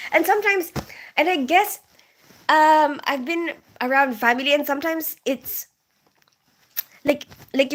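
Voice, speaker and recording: A woman's voice: high-pitched, a bit bright. A woman hosting a casual live stream, greeting viewers by name and rambling chattily with frequent sighs. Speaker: livestream host. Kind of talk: casual live-stream chat, reading out comments. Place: London.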